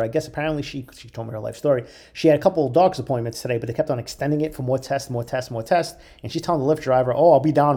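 A man telling a long personal story in a casual, profane way, acting out the people in it. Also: mid-range voice. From Italian heritage, US. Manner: profane, animated, quotes others in voices.

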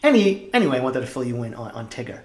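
A young man, hosting a podcast and telling stories in an animated, profane, jokey way. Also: mid-range voice, quick pace, reverberant. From Boston area. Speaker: podcast host. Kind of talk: casual storytelling monologue.

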